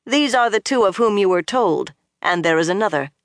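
A narrator voicing a calm, assured woman mentor. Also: mid-range voice, brisk, no echo, studio quality, voice pushed up, close to an everyday voice.

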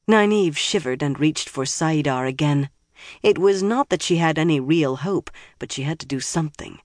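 An audiobook narrator reads fantasy prose at a steady, measured pace. The voice sits in the middle register and is recorded close and dry, with no room sound. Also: medium pitch, no echo.

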